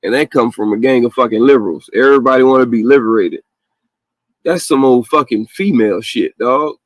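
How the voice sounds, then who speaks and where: Podcast host, male, mid-pitch, casual profane rant, dry close mic. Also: a little fast, no echo. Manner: blunt, profane, animated, with laughs and mocking quotes.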